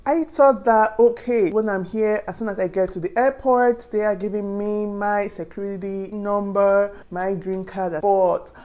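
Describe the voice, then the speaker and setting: A woman's voice: mid-range voice, steady tone, normal speed, few pauses, a little mellow. A young woman from Nigeria with a Nigerian accent, giving earnest, chatty advice to her viewers in a casual vlog. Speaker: vlogger.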